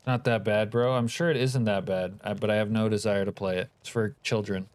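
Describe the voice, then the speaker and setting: Reading the chat aloud and responding, this livestream host jokes around with viewers in crude banter. He speaks a little fast in a steady, darkish, low-leaning voice, recorded dry.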